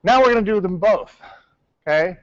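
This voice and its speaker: A man teaching a martial arts class, calling out counts and correcting his students as he goes. His voice sits high, and the recording is dry and a little muffled. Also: expressive, normal speed, dry recording. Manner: barks counts, coaching and correcting.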